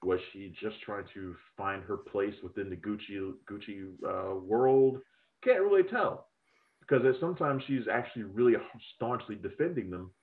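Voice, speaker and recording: Male critic, lowish voice over a thin phone-like line; loose, profane, opinionated chat. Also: normal speed. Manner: rambling, profane, animated opinions. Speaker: film critic podcast host. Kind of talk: casual review chat.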